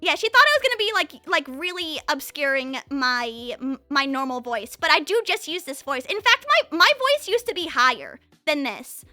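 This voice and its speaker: Very high bubbly fast-talking woman. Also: sing-song, pushed and bright, no room sound, soft background music. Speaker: streamer. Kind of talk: casual chat with live chat.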